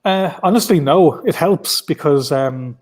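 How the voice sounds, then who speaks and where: A man's voice: fairly high pitch, measured pace, darkish tone. A man with an Irish accent, a guest speaking casually from his apartment over a laptop video call, talking in loose runs full of restarts and fillers. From Ireland. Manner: chatty and loose, with many restarts and filler words. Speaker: guest comic writer.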